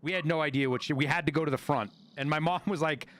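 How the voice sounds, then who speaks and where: A man from Montana, a streamer telling stories in casual chat, animated and full of swearing. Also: on the high side, fast talker. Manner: profane, animated storyteller.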